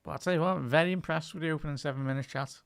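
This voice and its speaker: A man's voice: on the high side, rapid-fire, gravelly, clean tone, no echo, studio quality. Chatty Scouse man commentating live. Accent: Liverpool (Scouse). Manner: chatty, addresses his viewers as "chat", laughs often. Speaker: football commentator and YouTube host. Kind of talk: live fan watchalong commentary.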